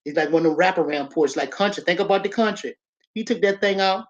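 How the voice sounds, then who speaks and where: A woman's voice: lowish voice, fast talker, lo-fi sound. A woman, telling a personal story and talking straight to her listeners. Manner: animated, talks straight to listeners.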